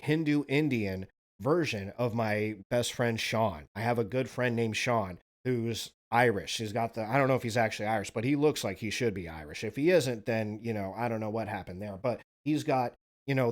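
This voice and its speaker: Laid-back, swearing man telling stories. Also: mid-range voice. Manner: rambling, profane, laid-back. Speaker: podcast host. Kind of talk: casual storytelling monologue.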